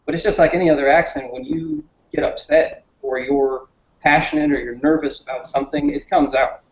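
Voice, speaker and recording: Southern man, interview guest, earnest and low-key; echoey, muffled recording. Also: lively intonation, fairly quick, vocal fry. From southern United States. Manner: earnest, toned-down delivery. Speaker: guest, political candidate. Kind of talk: casual interview talk. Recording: roomy, dull lo-fi sound.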